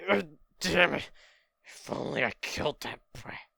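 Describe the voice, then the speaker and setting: Brief: hot-headed one-eyed villain, high and loud, read by a man. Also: animated, a little slow, vocal fry, husky, no room sound, exaggerated voice. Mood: bitter. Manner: yelling, frustrated.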